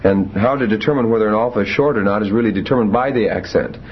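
A man teaching a Greek grammar class, explaining rules methodically with frequent pauses and fillers. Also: lowish voice, slight background noise. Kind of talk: classroom lecture. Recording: muffled lo-fi classroom recording.

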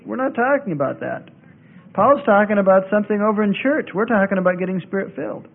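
A man's voice: high-pitched, expressive, fast, creaky. A man teaching a Bible class, arguing his points and repeating them for emphasis. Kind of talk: classroom lecture. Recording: tinny lo-fi tape, phone-like.

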